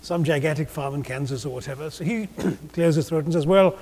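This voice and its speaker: A man from India giving a measured, rhetorical conference speech with gentle humor in a large auditorium. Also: on the high side, steady tone. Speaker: keynote speaker. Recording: long hall reverb.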